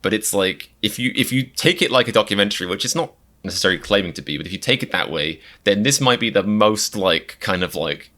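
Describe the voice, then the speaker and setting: A man's voice: on the low side, expressive, quick pace, pushed and bright. A man giving casual reaction commentary as a comedian, chatty and wry, with lots of fillers and self-mocking asides.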